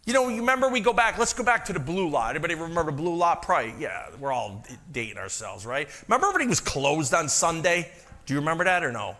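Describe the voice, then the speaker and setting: Preaching a conversational sermon in a church sanctuary, this male pastor talks fast, with lively intonation and a bright, forceful tone. His pitch is fairly high, and he fills the sermon with asides and rhetorical questions to the congregation.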